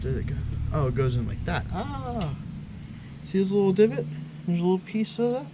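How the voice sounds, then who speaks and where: A chatty man with a somewhat high voice talks his viewers through a scooter rebuild, thinking aloud and teasing himself for his slips. He is outdoors on a hot day, and steady outdoor noise with passing vehicles sits clearly behind him. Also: brisk. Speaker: motorbike build vlogger. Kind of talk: casual talk while working on a scooter.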